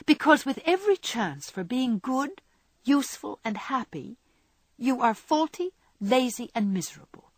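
A woman playing a frank young woman laying out her criticisms in earnest, with a lively, swooping delivery. The voice is slightly breathy and recorded close and dry. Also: sits high, measured pace, no echo, voice pushed up, full character voice. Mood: earnest scolding. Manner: earnest, lecturing. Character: earnest, sharp-tongued young woman scolding. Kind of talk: audiobook character reading.

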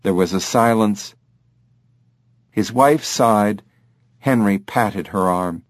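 A man's voice: on the low side, takes it slowly, long pauses, no room sound, clean studio sound. A man reading an audiobook in a scripted narration style.

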